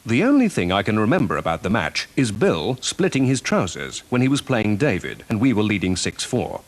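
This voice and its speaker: A man's voice: on the low side, big pitch swings, brisk. A man reading a short passage aloud in a dry storytelling way.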